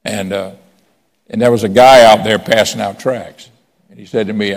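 Gravelly preacher in a reverberant hall. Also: male voice, on the low side, steady tone, normal speed. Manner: conversational preaching, asks congregation for raised hands. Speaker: pastor. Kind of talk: sermon.

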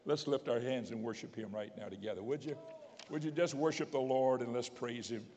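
A bishop preaching a sermon in a church, telling stories softly and then rising into loud exclamations. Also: male voice, medium pitch, a little fast, lo-fi sound. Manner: storytelling preacher, swings from soft to loud exclamations. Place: church sanctuary. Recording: long church reverb.

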